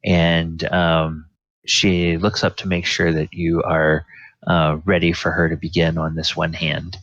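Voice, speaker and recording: A man narrating as game master of a tabletop game, unhurried and full of fillers. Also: sits low, little pitch movement, a bit bright, no echo, muffled recording.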